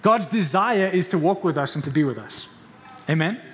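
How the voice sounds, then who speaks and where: A man's voice: expressive, moderate pace, fairly bright tone, slight background noise. A man preaching a sermon as a pastor, asking the congregation questions and acting out the lines he quotes. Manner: acts out quoted voices with raised pitch, asks the crowd questions.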